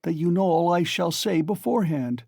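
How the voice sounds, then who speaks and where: A man's voice: on the high side, animated, gravelly, darkish tone, no echo, clean studio sound. A man reading aloud and voicing a tense young man under suspicion, strained and accusing. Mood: bitter. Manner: strained, accusing, at times slow and weak.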